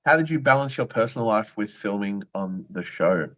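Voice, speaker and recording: A young Australian man co-hosting a live fan-series Q&A in relaxed, rambling chat with many fillers. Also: on the low side, moderate pace. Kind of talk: casual livestream chat.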